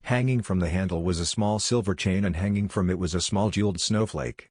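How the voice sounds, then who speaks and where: Deep-voiced man reading a story. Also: fairly quick, darkish tone, no room sound, clean studio sound. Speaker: story narrator. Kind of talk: fan fiction reading.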